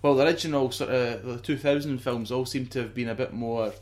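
A man's voice: mid-range voice, fairly even intonation, brisk, darkish tone. A young man with a Scottish accent, chatting casually about films and rambling through his points with frequent restarts. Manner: rambling, with many restarts and acted-out film quotes. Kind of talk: casual chat.

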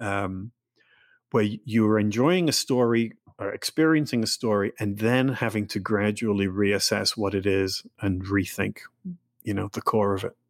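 A man's voice: fairly low pitch, no echo, studio quality. A man, an author and literature professor, speaking thoughtfully in an interview with frequent restarts, then reading from his novel. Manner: thoughtful, halting with restarts and fillers.

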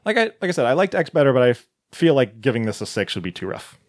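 Lively joking podcast man. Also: medium pitch, no echo, studio quality. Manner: joking, quick to laugh. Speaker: podcast co-host. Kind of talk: casual chat.

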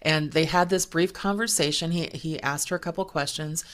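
A woman hosting a podcast, telling workplace anecdotes in a lively, chatty way and acting out the people she quotes. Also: low-pitched, normal speed. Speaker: podcast host. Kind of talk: casual storytelling chat.

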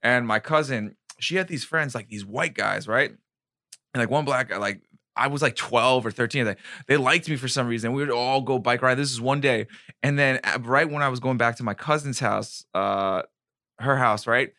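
Bright-voiced young New man chatting. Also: mid-range voice, moderate pace, dry recording, clean studio sound. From New York. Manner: animated storytelling, many "like" fillers, acts out quotes. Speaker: podcast co-host. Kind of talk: casual chat.

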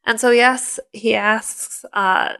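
A woman's voice: a little high, steady tone, slow pace, vocal fry, fairly bright tone, clear, resonant tone. A woman co-hosting a podcast, recapping a movie in casual chat and eagerly explaining facts. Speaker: podcast co-host.

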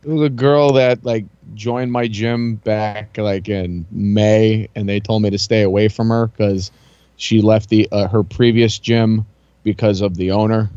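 A man with a fairly low voice tells a story on a comedy podcast. He hesitates, repeats himself and makes fun of himself. The sound is dry and slightly muffled. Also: fairly even intonation, unhurried, dark tone, no room sound.

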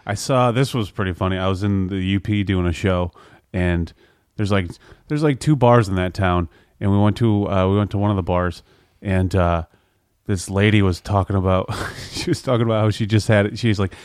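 Chill guy on a podcast, kinda low voice, dry close sound, tells stories easy. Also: normal speed, darkish tone, clear, resonant tone, no room sound. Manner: laid-back storytelling, frequent "yeah" agreement. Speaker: podcast co-host, comedian. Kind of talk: casual chat.

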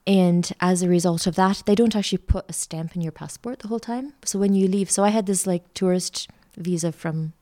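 A middle-aged woman, a podcast guest telling a lively travel story with lots of fillers. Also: on the low side, fairly quick, few pauses. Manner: chatty, animated anecdote-telling with many fillers. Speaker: interview guest, art school founder. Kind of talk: casual storytelling.

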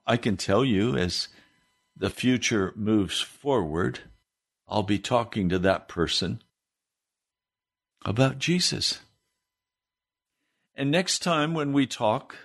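A man preaching a sermon as pastor, swinging his pitch up into emphatic questions. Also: vocal fry.

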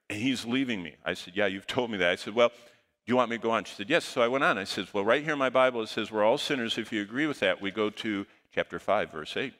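Middle-aged male pastor, sermon storyteller, low pitch, forceful tone. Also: fairly quick. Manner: animated anecdote, quotes dialogue in lively voices.

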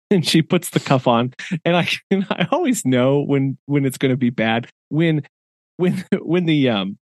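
A middle-aged man co-hosts a podcast, telling a story in casual chat and laughing often. His mid-range voice has lively intonation and an unhurried pace. The recording is clean studio sound with no room sound.

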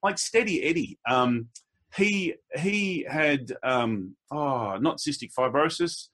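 A man, a public speaker, telling anecdotes in a relaxed conversation, with a husky voice. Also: slow. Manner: storytelling, slips into quoted voices with pitch jumps. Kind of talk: casual conversation.

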